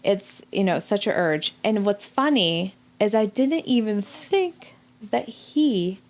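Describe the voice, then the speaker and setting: A middle-aged woman telling a personal story in casual chat, animated, acting out the voices of people she quotes. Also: mid-range voice, slow. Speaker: guest.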